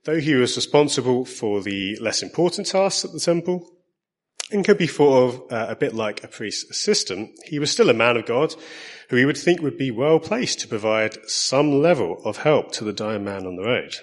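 A man with an Essex accent giving a sermon, measured and earnest, slowing down to stress key lines. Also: medium pitch, expressive. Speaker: preacher.

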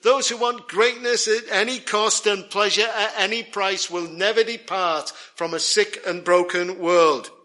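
High bright-voiced preacher, slow. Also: male voice, fairly even intonation. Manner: earnest, emphatic preaching with deliberate repetition. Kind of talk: sermon.

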